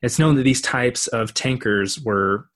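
A man's voice: medium pitch, a little slow, fairly bright tone. Man co-hosting a casual podcast. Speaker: podcast co-host. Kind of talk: casual chat.

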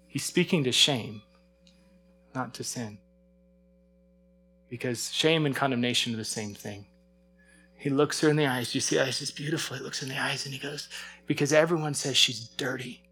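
A man's voice: mid-range voice, steady tone, fairly quick, fairly bright tone, breathy edge. A man preaching a sermon in a conversational way, often asking his listeners questions. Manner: conversational, asks the audience questions.

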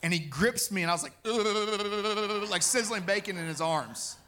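Bright-voiced man preaching his testimony. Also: on the high side, brisk. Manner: animated storytelling, acting out his own quotes. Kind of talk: personal testimony sermon.

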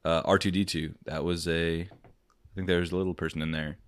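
A man's voice: sits low, level tone, a little fast. A young man co-hosting a casual podcast chat, joking and swearing freely. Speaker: podcast co-host.

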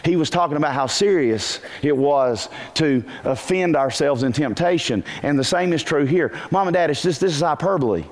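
A man preaching a sermon to a congregation, animated, asking rhetorical questions and breaking into bursts of shouting. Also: a little high, normal speed, hardly any pauses. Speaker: pastor.

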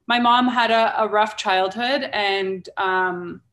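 A woman's voice: medium pitch, takes it slowly, a bit bright, reverberant. A woman speaking bluntly in a casual podcast conversation, swearing freely and laughing often. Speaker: guest, founder of a mothers' group.

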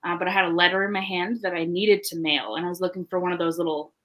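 A woman's voice: fairly low pitch, steady tone, fast talker, fairly bright tone. Chatty young woman telling a story. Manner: chatty, lots of "like" and "you know", laughs often. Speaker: podcast co-host. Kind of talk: casual storytelling chat.

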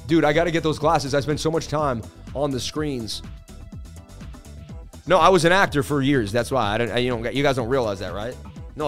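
Male stream host, casual chart talk, animated and sure of himself, faint music bed. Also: mid-range voice. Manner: animated, repetitive, confident. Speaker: crypto market analysis livestream host. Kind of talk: casual livestream chart commentary.

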